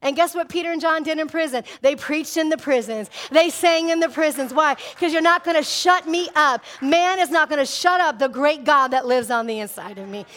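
A woman's voice: sits high, a bit bright. A middle-aged woman pastor preaching a fervent sermon, calling out for amens.

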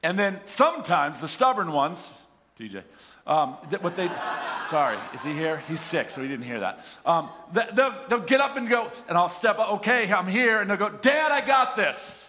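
A middle-aged man preaches a sermon in a reverberant hall. His bright, fairly high voice swings widely in pitch. He acts out little voices of people talking to God. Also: sing-song, normal speed, slight background noise. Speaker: pastor.

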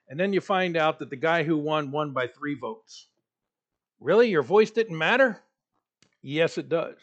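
A man preaching a sermon in a church, delivering it with rising emphasis and pauses. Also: on the high side, expressive, a bit bright, muffled recording. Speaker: pastor.

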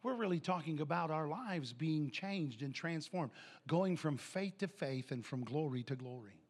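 A middle-aged man preaching a sermon, animated and telling family stories. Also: a little high, moderate pace. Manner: animated, acts out family members' voices. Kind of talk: sermon with storytelling.

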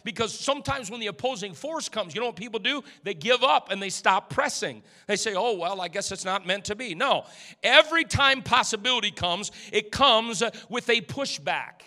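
High, sharp-toned fervent preacher man. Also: expressive, moderate pace, in a large hall. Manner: fervent, exhorting, calls out to the congregation. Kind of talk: energetic sermon. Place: church.

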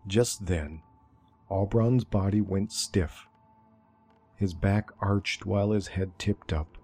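A man tells a dark fantasy tale in a slow, measured voice. His tone is deep, mellow and slightly husky. Faint music plays behind him. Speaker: narrator. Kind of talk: scripted fantasy narration.

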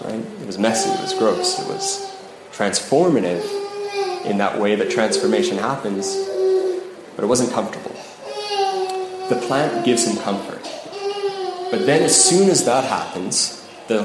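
A man delivers a podcast sermon in a relaxed, conversational way, often pausing to ask "right?". His voice sits at an ordinary middle pitch. The recording is roomy and echoey, with steady ambient noise behind him. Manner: conversational, keeps asking "right?". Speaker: preacher.

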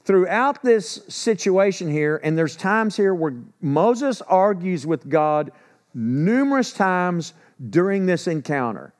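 A man's voice: sits high, animated, takes it slowly, a little mellow. A man preaching a sermon, retelling scripture casually and acting out the dialogue.

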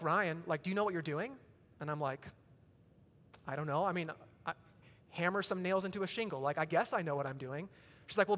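A man's voice: sits high, fairly bright tone. A man in his thirties preaching a sermon, telling a casual story between emphatic points. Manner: conversational storytelling preacher, rising to emphatic peaks. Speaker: pastor. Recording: long reverb of a large hall.

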